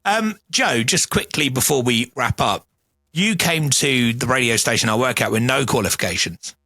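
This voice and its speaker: A man's voice: mid-range voice, animated, moderate pace, sharp tone, no echo. A man who works as a radio presenter, chatting in a friendly, self-deprecating way on a podcast. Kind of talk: casual chat.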